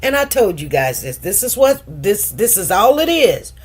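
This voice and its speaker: A woman's voice: mid-range voice, big pitch swings, moderate pace, slightly rough. A woman in her fifties hosting a livestream, chatting casually with viewers in a rambling, laughing way. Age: 50s. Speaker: livestream host.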